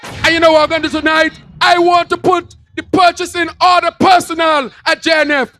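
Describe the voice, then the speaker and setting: A man with a Kittitian accent giving a rousing political rally speech, shouting his lines in repeated, punchy phrases to an outdoor crowd. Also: extremely high pitch, flat delivery, brisk, soft background music. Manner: shouted, rousing, repetitive call-and-response phrasing.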